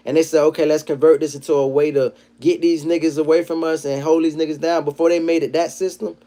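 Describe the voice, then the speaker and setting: A man talks straight to his livestream viewers in a loose, profane running commentary. His voice sits a little high for a man, and his storytelling stays animated as he keeps acting out other people's lines. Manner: animated, profane storytelling, jumps into high-pitched acted quotes. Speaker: livestream host.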